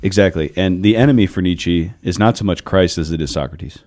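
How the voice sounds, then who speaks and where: A man in his thirties hosting a podcast, discussing philosophy in a casual, animated way and telling stories. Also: low voice, brisk. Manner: storytelling, animated, laughs often. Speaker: podcast host.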